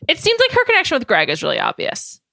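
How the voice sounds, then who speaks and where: A woman's voice: high voice, wildly swooping pitch, fast talker, creaky, sharp tone. A woman hosting a podcast, chatting casually and animatedly about a reality show and laughing easily. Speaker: podcast host. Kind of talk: casual pop-culture chat.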